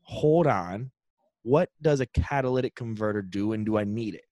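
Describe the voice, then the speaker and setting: A man's voice: fairly low pitch, animated, moderate pace, warm tone, no echo. A young man co-hosting a podcast, telling a long road-trip story in casual, profane chat and acting out the people in it. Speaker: podcast co-host.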